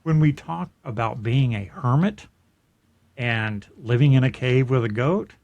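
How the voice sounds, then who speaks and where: Middle-aged male podcast host, earnest and reflective, mid-pitched, casual storytelling. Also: expressive, unhurried, vocal fry, darkish tone, lo-fi sound. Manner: earnest and reflective, with frequent restarts. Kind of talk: personal storytelling in casual chat.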